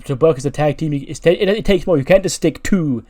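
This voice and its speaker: A man voicing a quick-tempered male wrestling-school teacher who lectures his class and flares into shouting. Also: fairly high pitch, voice pushed up, natural voice. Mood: lecturing. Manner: lecturing, then shouting and challenging.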